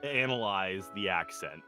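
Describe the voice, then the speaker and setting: An excitable voice actor co-hosting a podcast, rambling with plenty of restarts. The pitch bounces around in a lively way, and soft music plays beneath. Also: measured pace. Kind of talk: casual chat with live audition reads.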